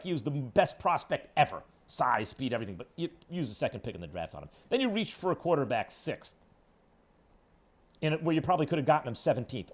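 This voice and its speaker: A man hosting a sports radio show, delivering an opinionated monologue in an emphatic, hectoring way that swings between loud declarations and low asides. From New York.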